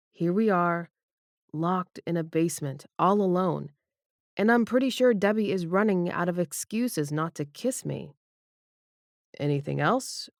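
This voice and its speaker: A woman narrating a first-person romance audiobook in an intimate, expressive reading. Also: deep voice, no echo, studio quality.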